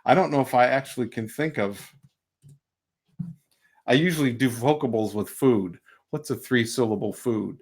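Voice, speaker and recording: A middle-aged man teaching a music lesson on a livestream, relaxed and chatty, who stops to sing beat syllables to show the rhythm. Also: medium pitch, moderate pace. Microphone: home livestream mic.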